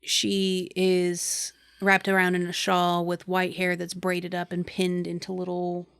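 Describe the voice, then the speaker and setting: A woman's voice: lowish voice, completely flat delivery, measured pace, gravelly, fairly bright tone, clear, resonant tone, no echo, clean studio sound. A woman narrating as game master for a tabletop horror game, describing scenes at length with many filler ums.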